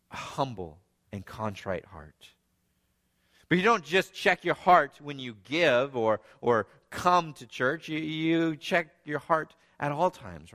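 A man's voice: on the high side, long reverb tail. A man preaching a sermon, earnest, dropping to near-whispers and rising to emphatic passages. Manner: earnest preaching, swinging between hushed and emphatic.

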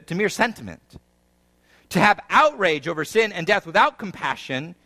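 A man's voice: sits high, sharp tone. A man preaching a sermon, reading scripture aloud and explaining it with rising and falling intensity. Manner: reads scripture, then explains it. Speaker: pastor.

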